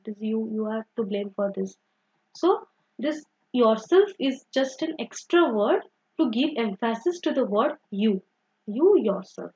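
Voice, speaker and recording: Husky-voiced woman teaching grammar. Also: fairly high pitch, lively intonation, a little slow, a little mellow, muffled recording. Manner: explains step by step, often saying "simple" and "okay". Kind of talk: online grammar lesson.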